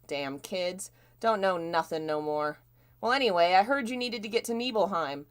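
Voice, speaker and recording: A loud, brusque pilot who swears freely and draws out his words in a Southern drawl, as a woman reading a story puts him on. His voice swings up and down with plenty of life. It is a live storybook reading. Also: fairly low pitch, animated, moderate pace, natural voice. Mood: gruff. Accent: Southern US, put on. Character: gruff rough-edged male pilot.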